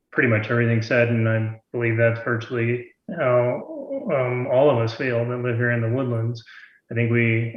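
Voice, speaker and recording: A man giving a measured public comment as a homeowner at a city meeting, reading prepared points with a few hesitations. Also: mid-range voice. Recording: dull, roomy remote call audio.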